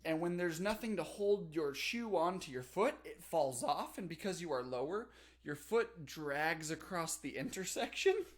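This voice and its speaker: A young man on a casual livestream, telling a story with animated delivery, big pitch jumps and laughter. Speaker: streamer.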